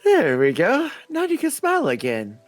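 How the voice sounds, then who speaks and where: A woman voicing a gentle, courtly young man who speaks softly and formally to comfort someone. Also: a bass voice, sing-song, measured pace, breathy edge, faint music behind, pitched below the performer's own voice, full character voice. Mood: soothing. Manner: formal, soft-spoken and reassuring. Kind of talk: voicing a visual novel character on stream.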